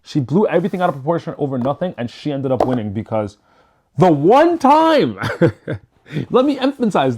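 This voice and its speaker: A young man tells a personal story to camera in a relaxed, casual style. His delivery is lively, and he drops into what others said as he goes. He swears freely and keeps it loose. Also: medium pitch. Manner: animated, acts out what people said; loose and profane.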